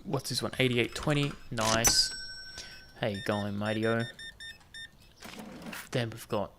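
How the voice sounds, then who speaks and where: A man's voice: fairly low pitch, slow pace, noisy background. A man giving casual, jokey commentary while playing a game, bantering with the customers on screen. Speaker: gaming video host.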